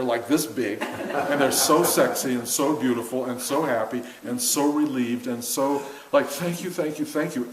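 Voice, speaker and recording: A man gives a spiritual talk to a group in a roomy, echoing space, with a faint hiss under the recording. His voice sits at an ordinary middle pitch. He talks in an animated way and acts out the voices he quotes. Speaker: spiritual teacher. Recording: echoey room with faint hiss.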